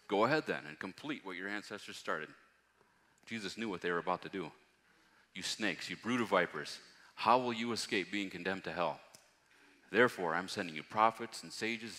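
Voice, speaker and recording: Bright-voiced male preacher in a reverberant hall. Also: fairly low pitch. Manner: reads scripture aloud, rising to loud emphatic passages. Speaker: pastor. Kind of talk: sermon. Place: church hall.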